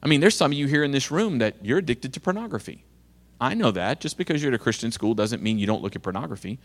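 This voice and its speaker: A man's voice: medium pitch, animated, fast, long reverb tail. A middle-aged man, a youth pastor, preaching earnestly and directly to students in a school chapel, with sarcastic asides. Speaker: youth pastor and guest speaker. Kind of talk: sermon to students.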